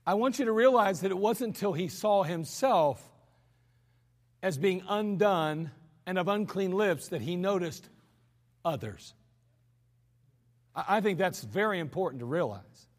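Recorded at an archived church service with long reverb, a pastor in the sanctuary preaches with a high, animated voice. He goes a little slowly and leaves long pauses, mixing earnest conversation with funny asides.

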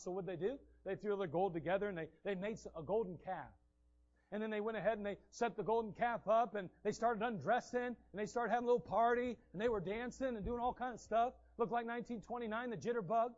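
A man preaching a sermon, telling the scriptural stories in an animated way and acting out the scenes. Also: high voice, quick pace, highs cut off.

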